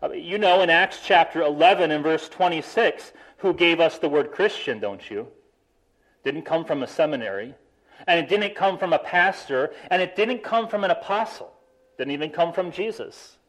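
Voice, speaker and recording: A man preaching a sermon, animated, stressing key words and slowing down for emphasis. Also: fairly high pitch, poor audio. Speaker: pastor.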